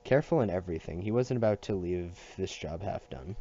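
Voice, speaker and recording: A male reader narrating a novel in a low, dark, mellow voice. He reads steadily, tripping and restarting here and there. The recording sounds dull and muffled. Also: fairly quick. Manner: steady reading with small slips and restarts. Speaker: audiobook reader. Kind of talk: reading a novel aloud.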